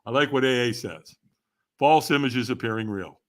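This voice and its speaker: An older man, a podcast guest, telling stories in a casual interview, animated and often laughing as he talks. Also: medium pitch, normal speed.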